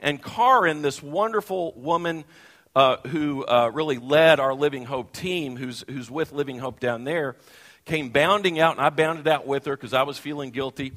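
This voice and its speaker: A male pastor telling a funny personal story in a sermon, animated and self-deprecating. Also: fairly high pitch, normal speed. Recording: long hall reverb.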